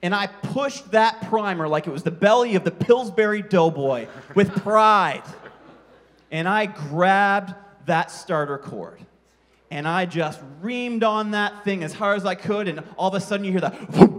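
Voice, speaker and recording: High-voiced man telling a story from the pulpit. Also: normal speed. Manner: animated storyteller, sound effects, self-mocking. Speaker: pastor. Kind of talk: sermon with a personal story.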